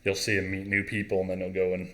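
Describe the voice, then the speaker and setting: A man's voice: deep voice, monotone, fast, fairly bright tone. A man co-hosting a podcast, laid-back, casually explaining a film plot. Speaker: podcast co-host. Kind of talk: casual chat.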